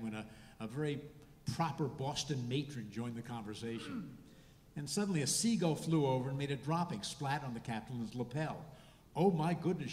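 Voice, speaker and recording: A man in his seventies delivers stand-up with a dry, deadpan touch and a mid-range voice. He is recorded live in a hall, so his voice rings with a long, roomy echo and faint noise underneath. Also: medium pitch. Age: 70s. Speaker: stand-up comedian and rabbi. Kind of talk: stand-up comedy set. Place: hall before a live audience.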